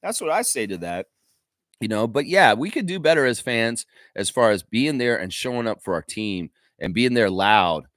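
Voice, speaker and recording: A man hosts a daily fan livestream in a loose, opinionated ramble full of "uh"s and restarts. His voice sits at a middle pitch. The sound is dry and close, with no room echo. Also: expressive, moderate pace, fairly bright tone. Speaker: host of a daily basketball fan show. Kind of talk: casual livestream commentary.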